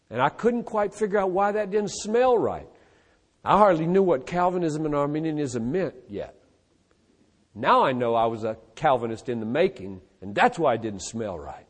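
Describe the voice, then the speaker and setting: A man with a slightly high voice delivers an emphatic, animated sermon, rattling off scripture verses in quick succession. His voice carries a long reverb tail.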